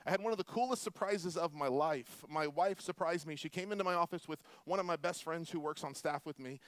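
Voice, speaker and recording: Male pastor, 40s, from Florida; slightly high, storytelling sermon, dry mic. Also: brisk, no echo. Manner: animated, humorous storytelling with quiet prayer.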